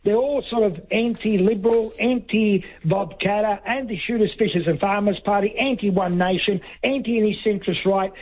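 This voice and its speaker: An Australian man calls in to a radio show, blunt and emphatic, circling back over the same points. His voice sits high and husky. The line sounds dull and lo-fi. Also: normal speed, few pauses. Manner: rambling, blunt, emphatic, repeats himself. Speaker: caller. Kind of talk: talkback radio call. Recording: dull lo-fi call-in audio.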